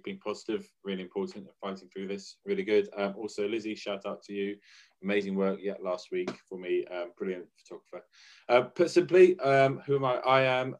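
Man, low voice, friendly, halting restarts, video call. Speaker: photographer. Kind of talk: self-introduction on a video call.

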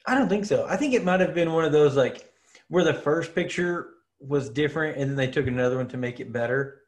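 A man co-hosting a casual sports podcast, laying out his points with long, relaxed examples. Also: fairly high pitch, fairly quick. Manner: laid-back, argues with long examples. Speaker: podcast co-host.

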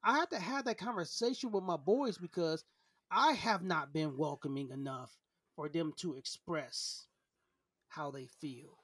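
A man's voice: fairly high pitch, measured pace, a bit bright, breathy edge, no echo, clean studio sound. A man hosting a casual podcast conversation, earnest and open, often repeating words as he searches for his thoughts. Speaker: podcast host.

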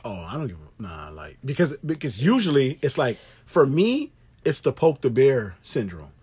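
Husky, lively-voiced man, casual co-host. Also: mid-range voice, moderate pace. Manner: laid-back, swearing, emphatic repetition. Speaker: podcast co-host. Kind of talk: casual chat.

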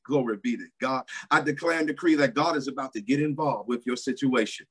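A man preaching a sermon in a church service, emphatic and repetitive, swinging between loud declarations and hushed asides. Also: medium pitch, fairly quick, hardly any pauses, slightly rough.

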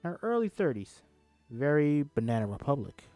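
A man's voice: fairly high pitch, very animated, a little fast, mellow, dry recording, soft background music. A man hosting a comedy podcast, reading a screenplay aloud and breaking off into irreverent, swearing asides. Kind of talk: comedic script read-through.

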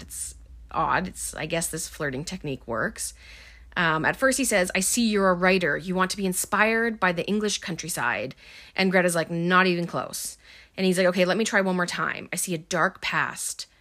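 Woman, casual film recap, chatty, filler words, wry asides, lowish voice. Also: a bit bright. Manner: chatty, many ums and likes, wry asides. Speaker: movie recapper.

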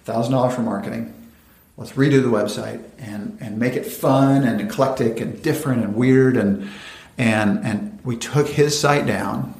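A man, a company founder, telling stories in an interview and acting out quoted dialogue in lively voices. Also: medium pitch, moderate pace, gravelly. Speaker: venture capital founder, interview guest. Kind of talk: conversational storytelling interview. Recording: roomy echoey room.

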